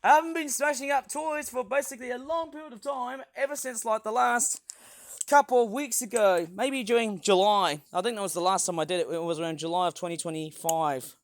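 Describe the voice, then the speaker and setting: Excitable high-voiced man smashing toys. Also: a little fast, no room sound. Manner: excitable, chatty, bursts into whoops and laughs. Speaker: toy reviewer. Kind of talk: casual toy-smashing vlog. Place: outdoors on a hot day.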